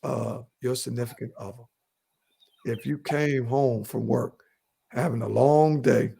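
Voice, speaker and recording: A man in his fifties co-hosting a podcast, telling stories in a loose, animated way, swearing and laughing as he goes. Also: medium pitch, a little slow, vocal fry, breathy edge. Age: 50s. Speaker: podcast co-host. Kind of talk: casual chat.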